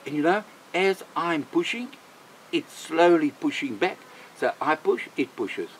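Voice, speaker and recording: Older male missionary with a fairly high voice, vivid storyteller who leans on repetition. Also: measured pace, slight background noise, rough recording. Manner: animated, vivid storyteller who repeats himself for emphasis. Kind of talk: personal faith testimony storytelling.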